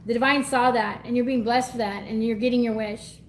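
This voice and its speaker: Lady doing a live tarot reading, bit high voice, chatty and gushing, laughs a lot, faint hiss behind. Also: steady tone, brisk. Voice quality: gets teary and soft when moved. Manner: chatty, effusive, laughs often. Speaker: tarot reader.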